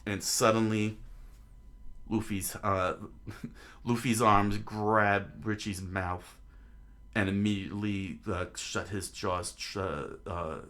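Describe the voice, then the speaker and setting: Halting, slow-talking male reader. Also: fairly low pitch. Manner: halting, with frequent restarts and fillers, excitable. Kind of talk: casual dramatic story reading.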